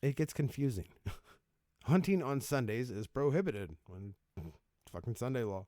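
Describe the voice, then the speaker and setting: A man's voice: mid-range voice, big pitch swings, measured pace, mellow, dry recording. Casual male host, middle voice, cussing and laughing, dry close sound. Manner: casual, swearing, laughing, stumbling over words. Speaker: video host. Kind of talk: casual commentary reading out laws.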